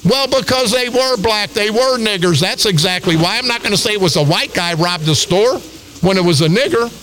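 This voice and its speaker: A man's voice: sits high, lively intonation, fairly quick, a bit bright, low-quality recording. An older man hosting talk radio, delivering an angry, combative, repetitive rant.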